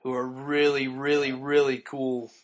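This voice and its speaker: A man's voice: medium pitch, level tone, a little slow. A man co-hosting a podcast in loose casual chat, swearing often and trailing off in fillers. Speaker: podcast co-host.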